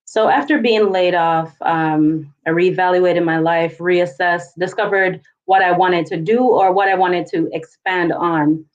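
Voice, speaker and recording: Lower-voiced woman telling her story calmly, muffled remote audio. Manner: calm and reflective, measured. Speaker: guest, author and poet. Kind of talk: interview, personal story.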